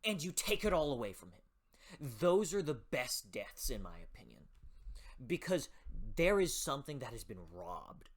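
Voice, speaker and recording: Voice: mid-range voice, sing-song, moderate pace. A book reviewer talking in a casual, passionate way, swearing freely and often restarting sentences while thinking aloud.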